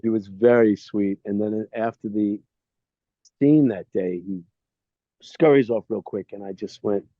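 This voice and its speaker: Middle-aged male actor, low register, relaxed anecdotal interview delivery; dry, dull-toned sound. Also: a little slow, dry recording. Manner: animated anecdotes with acted-out quotes. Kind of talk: casual interview storytelling.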